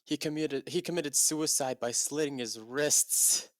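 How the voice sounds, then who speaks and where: A man's voice: on the high side, unhurried, no echo, clean studio sound, pitched above the performer's own voice, natural voice. A man putting on a solemn old headmaster wizard. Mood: grave.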